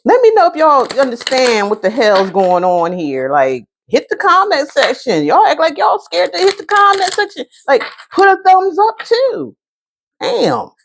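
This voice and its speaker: A woman's voice: high voice, big pitch swings, measured pace, slight background noise. A woman doing a casual tarot reading, blunt and full of profanity, talking back to her own remarks. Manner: blunt, profanity-heavy, talks back to herself. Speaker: tarot reader.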